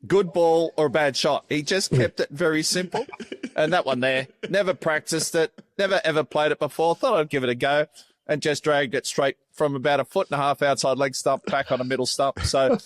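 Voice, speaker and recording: A man's voice: on the high side, fairly quick, dry recording, studio quality. A middle-aged Australian man chatting on a cricket podcast, matter-of-fact and teasing his mates. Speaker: podcast co-host, former fast bowler. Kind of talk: casual banter.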